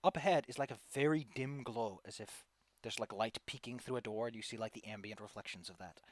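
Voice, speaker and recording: A man's voice: medium pitch, brisk, no echo, studio quality. A man narrating as game master in a tabletop game, talking loosely with lots of filler words.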